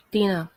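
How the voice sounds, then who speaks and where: A woman's voice: darkish tone, no room sound. A woman vlogger ranting in sarcastic, exasperated commentary, sighing and repeatedly calling out someone by name. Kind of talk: casual commentary rant.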